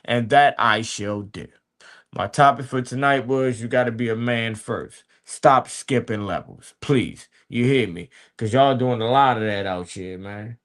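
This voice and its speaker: Male podcast host, blunt and profane, preachy street-talk monologue, mid-pitched voice. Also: measured pace, a bit bright. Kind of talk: casual motivational monologue.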